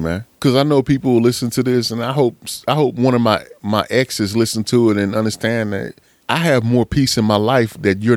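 A man's voice: lowish voice, a little mellow, no room sound. A man giving a casual, preachy motivational talk in slangy speech, often calling the listener man. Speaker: motivational speaker.

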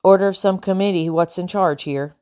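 A woman growling as a gruff, toothless old sailor. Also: on the low side, fairly quick, mellow, natural voice. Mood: deferential. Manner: gruff, rough dialect speech. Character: tough old toothless male sailor, rough-spoken.

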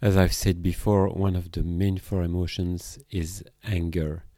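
Low, mellow Belgian-French man, reflective. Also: little pitch movement, unhurried, no echo, clean studio sound. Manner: reflective, with hesitations and restarts. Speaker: therapist. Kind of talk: podcast monologue on emotions.

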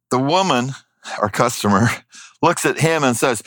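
A man's voice: mid-range voice, a little slow, no echo. A man telling a story in casual chat, acting out the voices of the people in it. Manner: animated, acts out voices in his anecdotes.

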